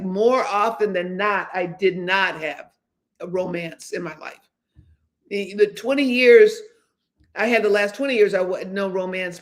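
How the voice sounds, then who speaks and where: A woman's voice: medium pitch, a bit bright. A woman in her seventies, hosting a livestream and chatting candidly in a rambling way, with many fillers and restarts. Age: 70s. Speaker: host. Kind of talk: casual livestream chat.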